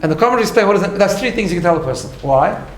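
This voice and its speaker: A man with a fairly high voice is teaching a class. He talks in an earnest, patient way and keeps checking in with his listeners. The sound carries a noticeable room echo. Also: lively intonation, rapid-fire. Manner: earnest, explains step by step, tags lines with "right?". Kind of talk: recorded class lecture.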